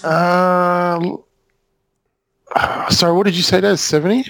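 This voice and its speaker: A man's voice: high voice, steady tone, takes it slowly, vocal fry, a bit bright. A man, an easygoing contestant who hesitates over his guesses. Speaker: quiz contestant. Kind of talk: casual chat.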